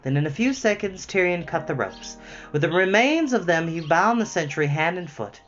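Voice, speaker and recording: A man reading a children's novel aloud as storyteller, with lively expression. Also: sits high, normal speed, faint music behind. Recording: slightly muffled lo-fi recording.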